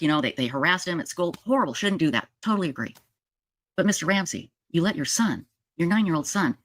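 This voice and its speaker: A woman's voice: low voice, no room sound, studio quality. Clip of a middle-aged woman retelling a story. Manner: animated retelling with quoted dialogue. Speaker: true crime podcaster. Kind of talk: storytelling monologue.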